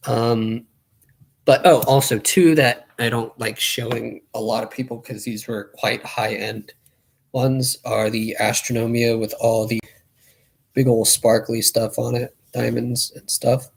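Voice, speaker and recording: A young man with a gravelly edge to his voice talks casually on a live stream. He rambles and rushes his words until he runs short of breath. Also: medium pitch, level tone.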